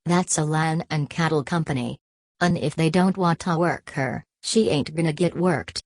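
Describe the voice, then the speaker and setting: A woman's voice: deep voice, moderate pace, no echo. A woman reading the part of a weary migrant father who speaks in a plain, bitter drawl, in an audiobook.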